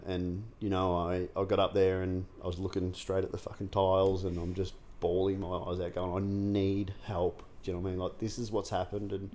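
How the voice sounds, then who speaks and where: In a slightly mellow, low-pitched voice with a bit of background noise, a man shares his recovery story as an interview guest. He talks frankly and unguardedly, swearing freely, with lots of ums and restarts.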